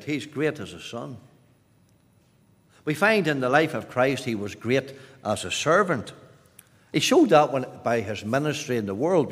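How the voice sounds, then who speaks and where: High-voiced preacher in an echoey hall. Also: male voice. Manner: emphatic, repeating phrases, swinging from loud to hushed. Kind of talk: evangelistic sermon. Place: meeting hall at an evening service.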